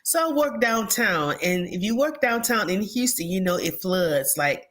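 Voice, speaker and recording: A chatty woman with a lively, swooping delivery joins a relaxed group talk. She teases and keeps the conversation moving. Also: medium pitch, normal speed. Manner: chatty and teasing. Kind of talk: casual chat.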